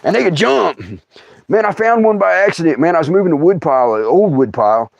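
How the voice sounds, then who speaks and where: A middle-aged man with a drawl spins a comic yarn, laughing as he goes and jumping his pitch all over to play his kin. The sound is dry and a little muffled, like a home stream mic. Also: lively intonation, brisk, gravelly, no room sound. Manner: folksy, laughing often, acting out relatives' lines. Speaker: storyteller host. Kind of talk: comic storytelling livestream.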